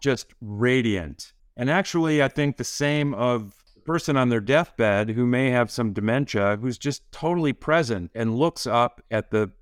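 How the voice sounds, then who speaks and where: A man, a physician guest on a podcast, explaining ideas in a calm, measured way. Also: medium pitch, smooth, no room sound, clean studio sound. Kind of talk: conversational interview.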